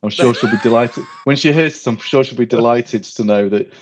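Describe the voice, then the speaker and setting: A man's voice: mid-range voice, a little fast, darkish tone, a little hiss or hum. A man hosting a podcast in casual chat, rambling and laughing easily. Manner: chatty, rambling, laughs often. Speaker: podcast host. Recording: dull lo-fi audio.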